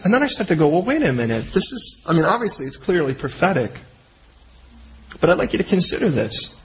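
Male pastor, high lively voice, chatty sermon with jokes and false starts. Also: a little hiss or hum, poor audio. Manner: animated, conversational, joking asides; restarts and trails off mid-sentence.

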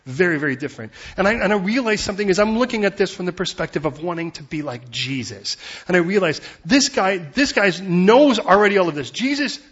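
A man preaching in a loose, conversational way, with a slightly raised pitch and a husky edge to his voice. The recording sounds dull and lo-fi. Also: brisk. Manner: conversational and animated, acts out biblical voices. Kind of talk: sermon.

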